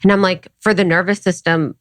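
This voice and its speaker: Woman co-host, lower voice, casual and giggly, jumps in with agreement. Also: steady tone, a little fast, no echo. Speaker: podcast co-host. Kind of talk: casual podcast conversation.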